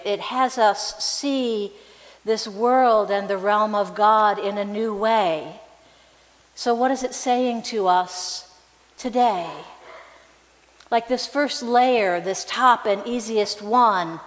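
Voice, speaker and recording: A woman pastor giving a sermon in a conversational, reflective way in a church. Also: medium pitch. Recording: reverberant hall.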